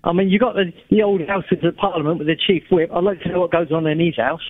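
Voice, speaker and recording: A man's voice: sits high, fairly even intonation, quick pace, no room sound. A man phoning in to a radio show and telling rambling gag stories while chuckling at his own jokes. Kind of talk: jokey phone-in banter. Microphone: phone. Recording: tinny phone line.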